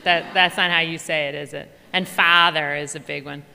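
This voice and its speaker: A woman's voice: sits low, steady tone, moderate pace, creaky, bright, forceful tone, long reverb tail. A woman with a Philadelphia accent giving an effusive, chatty, humorous talk to an audience as an author. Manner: effusive, chatty, laughs often. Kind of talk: lively humorous stage talk. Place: large hall before an audience.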